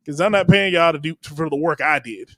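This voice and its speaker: A man's voice: fairly high pitch, fairly quick. A man co-hosting a comedy podcast in brash, rambling casual chat. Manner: brash and rambling, with a Southern 'y'all'. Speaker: podcast co-host.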